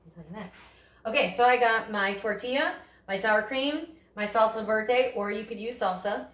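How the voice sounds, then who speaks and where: A woman's voice: on the high side, moderate pace, a bit bright. Chatty woman in an echoey kitchen. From Italian family background. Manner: chatty, enthusiastic, asks and answers her own questions. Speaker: cooking show host. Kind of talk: casual cooking demonstration. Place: home kitchen. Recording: echoey kitchen with faint noise.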